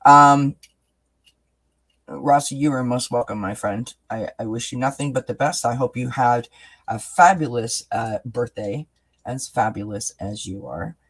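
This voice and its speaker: A man hosts a live spiritual card reading and responds to viewers' messages as they arrive. His delivery is gentle, chatty and reassuring. He keeps checking in with the audience through little tags like "right?" and "you know.". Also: mid-range voice, a little slow. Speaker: oracle card reader and host. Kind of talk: live-stream spiritual reading, answering chat.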